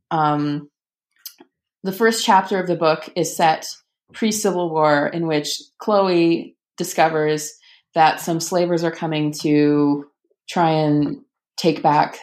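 A woman author in a casual interview, chatting enthusiastically with frequent ums and restarts. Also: low voice. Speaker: author and podcast guest.

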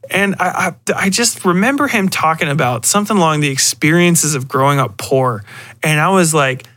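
A man's voice: a little high, animated, moderate pace, bright, forceful tone, no echo. A man hosting a podcast, ranting in a profane, rambling way with lots of restarts. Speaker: podcast host. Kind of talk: casual solo rant.

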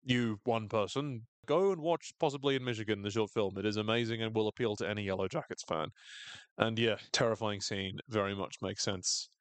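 Here a man co-hosting a podcast goes over a show in casual talk, sardonic and joking, swearing without restraint. His lowish voice is smooth and fairly quick, with no room sound at all.

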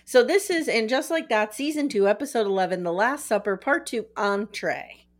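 Woman host, sarcastic recap chatter, filler-heavy, a bit high-pitched. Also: lively intonation, moderate pace. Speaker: podcast host. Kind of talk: casual TV recap chat.

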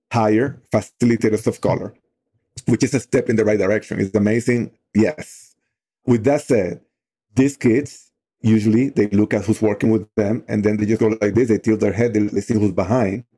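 A man's voice: on the low side, steady tone, moderate pace, mellow. A middle-aged man leading a youth outdoor program, telling a story in a loose, conversational way with lots of "you know" fillers.

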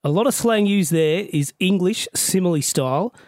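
A man's voice: sits high, expressive, normal speed, darkish tone, dry recording. A man voicing an Australian male construction worker in a put-on Australian accent, delivering slang jokingly. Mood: jokey. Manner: broad, jokey slang delivery.

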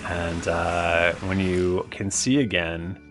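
A man running a tabletop game as game master, narrating in a relaxed, offhand way with fillers. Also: low-pitched, takes it slowly, faint music behind.

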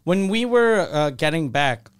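A man's voice: a little high, very animated, a little slow, smooth. A man co-hosting a comedy podcast, trading crude, teasing jokes in casual chat. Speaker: podcast co-host.

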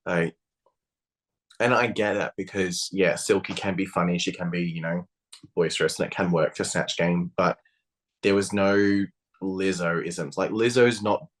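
Low-voiced guy cohosting a podcast, blunt and sweary, gets animated. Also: measured pace. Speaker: podcast co-host. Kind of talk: casual chat.

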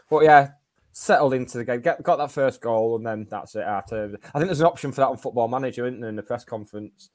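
Male co-host, middle-pitched, wry banter, relaxed podcast talk. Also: fast. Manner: wry, joking. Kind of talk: casual podcast chat.

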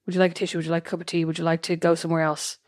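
A woman co-hosting a casual chat, quick and teasing. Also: lowish voice, level tone, a little mellow, no echo, studio quality.

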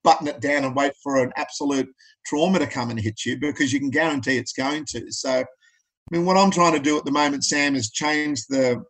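A man's voice: mid-range voice, a little fast, fairly bright tone, low-quality recording. A middle-aged Australian man speaking as a podcast guest, telling personal stories in an earnest, plain-spoken way. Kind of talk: candid interview talk.

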